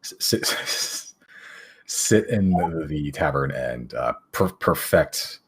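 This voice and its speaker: Deep man, game master, husky breathy voice, lively, stumbling over words. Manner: halting, repeats words often. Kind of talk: narrating a tabletop game.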